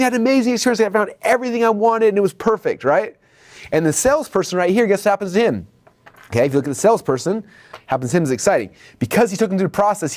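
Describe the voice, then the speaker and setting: A man's voice: mid-range voice, dry recording. A man teaching marketing at a whiteboard, telling stories and acting out shop customers in raised voices. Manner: animated storytelling, acts out customers in raised voices. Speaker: marketing trainer.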